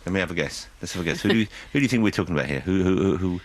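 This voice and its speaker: Quick, cheeky radio host. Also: male voice, deep voice, animated, dry recording. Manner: teasing, cheeky banter. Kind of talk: chatty radio interview.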